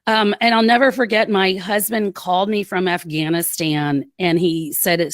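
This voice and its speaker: A woman, a military spouse telling her story in a podcast interview, earnest and quick with asides. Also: fairly low pitch, steady tone, no room sound. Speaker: guest, military spouse advocate.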